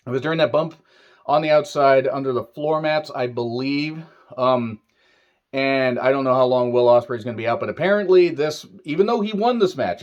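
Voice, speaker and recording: A man's voice: mid-range voice, muffled recording. A man hosting a casual wrestling recap, ranting and swearing, now and then talking to his pet. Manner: ranting, profane, talks to his pet off-camera.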